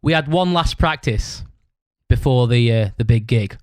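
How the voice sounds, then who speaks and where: A young man with a British accent tells a long, rambling story on his podcast, swearing a lot and breaking into laughter. His voice sits at a middle pitch, and the recording is close and dry with no room sound. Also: lively intonation, a little slow, clear, resonant tone, no room sound. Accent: British English. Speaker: podcast host. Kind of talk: casual storytelling monologue.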